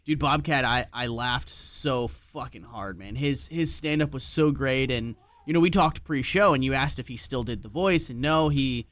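Animated swearing podcast host, man. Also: mid-range voice, normal speed, few pauses, no room sound. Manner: swears freely, animated storytelling. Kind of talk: casual chat.

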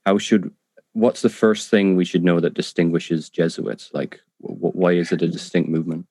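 A man's voice: sits low, fairly even intonation, normal speed, dark tone, no room sound, clean studio sound. A man who speaks English as a second language, hosting an interview in a hesitant, enthusiastic way with many ums. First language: not English. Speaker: podcast host. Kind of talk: casual interview talk.

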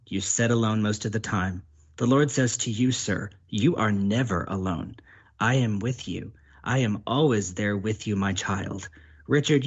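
Brief: low-pitched male prophet, earnest and repetitive, voices God in first person, dull lo-fi recording. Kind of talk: delivering prophetic words.

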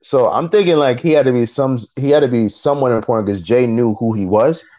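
A man co-hosting a podcast in casual chat, retelling events in an animated way and acting out what people said. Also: mid-range voice, brisk. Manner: animated storytelling, acting out quotes. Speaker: podcast co-host. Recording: dull lo-fi recording.

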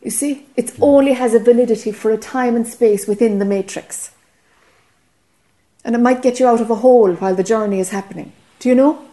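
A woman's voice: on the high side, fairly quick, dark tone. A woman with an Irish accent giving a spiritual teaching talk to a group, earnest and often checking whether listeners follow.

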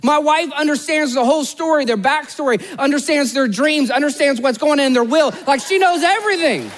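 High-voiced pastor preaching with a joking story. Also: male voice, fairly quick, fairly bright tone. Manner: conversational storytelling with self-deprecating humor. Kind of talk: sermon.

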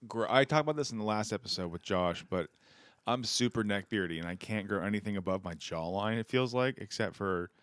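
Male host, lowish voice, lively intonation, crude and playful banter. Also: a little fast, no room sound. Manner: teasing, animated, swears freely. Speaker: podcast host. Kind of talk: casual comedic chat.

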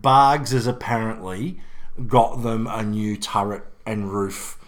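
A man's voice: on the low side, steady tone, takes it slowly. A man hosting a podcast, chatting casually in a wry, teasing way and laughing easily. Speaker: podcast host. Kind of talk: casual motorsport chat.

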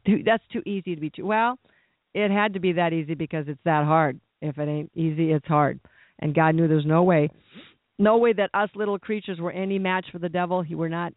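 Man preaching, high voice, gravelly, rambling and conversational, tinny narrow sound. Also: no room sound. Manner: conversational, rambling preaching with asides and rhetorical questions. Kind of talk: sermon. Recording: dry, narrow phone-like sound.

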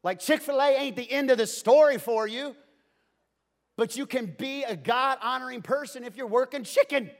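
A man's voice: very high-pitched, normal speed, vocal fry. A man preaching a sermon in a conversational, joking style that swings between playful asides and earnest points. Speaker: pastor.

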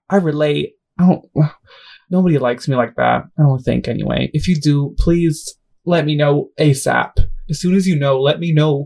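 A man's voice: on the high side, a little mellow. A young man hosting a casual solo podcast, gushing and self-deprecating, often sidetracking and apologizing. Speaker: podcast host.

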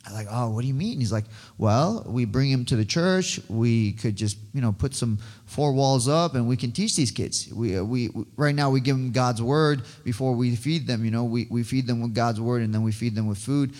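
Excitable man telling his testimony in a reverberant hall. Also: mid-range voice, a little fast, few pauses. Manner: rambling, restarts often, excitable storytelling. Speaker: guest speaker giving a testimony. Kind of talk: personal testimony talk.

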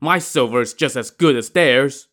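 A man voicing a hot-tempered male warrior disguised as a monk, shouting belligerently. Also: mid-range voice, unhurried, natural voice. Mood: angry shouting.

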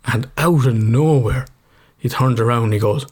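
A man's voice: mid-range voice, moderate pace, darkish tone. An Irish man in casual chat as co-host, swearing freely and laughing often.

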